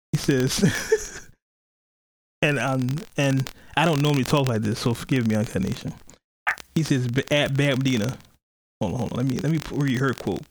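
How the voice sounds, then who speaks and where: A man's voice: medium pitch, poor audio. A man hosting a podcast in casual chat, rambling and cursing, often laughing as he retells things. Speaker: podcast host.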